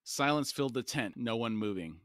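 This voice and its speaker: A man's voice: medium pitch, animated, a little fast, fairly bright tone, no room sound. A man co-hosting a book discussion podcast, reading passages aloud and chatting casually with laughs. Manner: reads text aloud, then chats casually with laughs. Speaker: podcast co-host.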